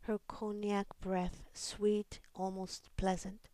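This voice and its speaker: A woman reading her own poem aloud in a soft, measured voice that often drops to a half-whisper. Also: mid-range voice, flat delivery, dry recording. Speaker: poet. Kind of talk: poetry reading.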